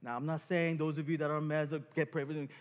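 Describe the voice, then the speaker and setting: A man preaching a sermon as pastor, animated and self-mocking as he acts out scenes from his story. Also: fairly high pitch, fast talker, big-room sound.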